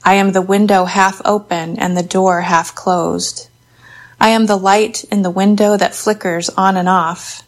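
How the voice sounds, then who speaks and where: A woman giving a slow, measured and contemplative poetry reading. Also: mid-range voice. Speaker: poetry reader.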